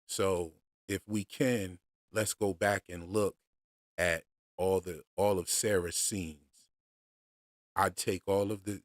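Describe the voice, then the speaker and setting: Deep-voiced, slow-talking male livestreamer. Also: no room sound, studio quality. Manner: relaxed, unhurried, with many fillers and restarts. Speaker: streamer discussing show theories. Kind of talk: casual livestream chat.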